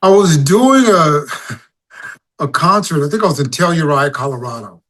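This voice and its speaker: A singer-songwriter appearing as an interview guest tells stories casually, animatedly reenacting the calls he makes to crowds on stage. His voice is on the high side at a moderate pace.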